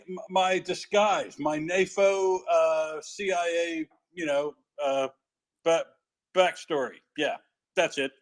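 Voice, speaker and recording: A man's voice: a little high, steady tone, slow pace. A man co-hosting a casual live audio chat, joking and playful. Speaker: co-host.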